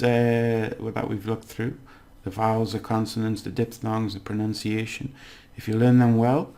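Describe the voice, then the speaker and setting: A man giving a casual language lesson, explaining slowly and repeating words, with many fillers. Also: on the low side, vocal fry, mellow. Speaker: language teacher.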